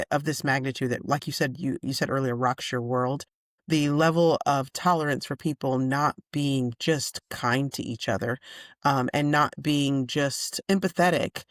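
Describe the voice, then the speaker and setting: A podcast host answers a guest in a calm, reassuring and empathetic way. The voice sits at a middling pitch. It is recorded close and dry, with no echo. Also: normal speed. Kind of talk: empathetic interview talk.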